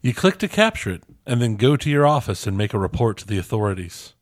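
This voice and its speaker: A man's voice: on the low side, very animated, fast talker, no echo. Dry-voiced man co-hosting a podcast. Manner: dry, self-deprecating asides. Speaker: podcast co-host. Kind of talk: casual podcast chat and reading a listener review aloud.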